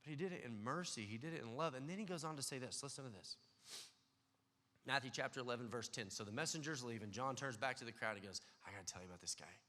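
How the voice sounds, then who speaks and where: A man's voice: medium pitch, quick pace. Man preaching in a reverberant church. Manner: earnest, swings from hushed to loud and excited. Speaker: pastor. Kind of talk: sermon. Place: church sanctuary. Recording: church hall with long reverb.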